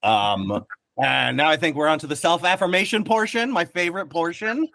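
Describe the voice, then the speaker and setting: A young man, the game master, chatting casually on a podcast, relaxed and quick to laugh, often trailing off mid-sentence. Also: a little high, creaky, dry recording.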